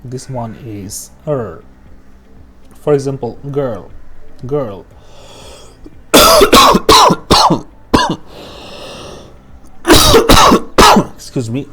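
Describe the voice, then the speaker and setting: Bright and forceful, a man's medium-pitched voice swoops wildly in pitch as he slowly teaches English pronunciation. He repeats each example word twice, checks in often with "okay?", and occasionally pauses to cough.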